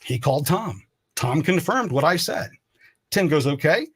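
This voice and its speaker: A man's voice: on the high side, animated, unhurried, fairly bright tone, husky. A man hosting a live stream, telling a story in a profane, rambling way with many restarts. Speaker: live-stream commentary host. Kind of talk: casual storytelling monologue.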